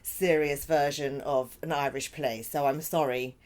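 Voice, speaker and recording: A woman's voice: deep voice, fairly even intonation, measured pace, darkish tone. A woman actor chatting on a podcast about her stage role, talkative and apologetic, laughing between remarks. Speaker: actor in the company. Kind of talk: casual podcast chat.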